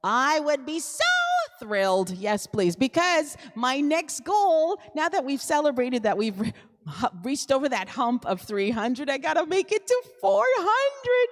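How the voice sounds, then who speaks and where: A woman's voice: high voice, in a large hall. A woman singer-songwriter hosting her own live stream, talking casually and upbeat with plenty of fillers and little laughs.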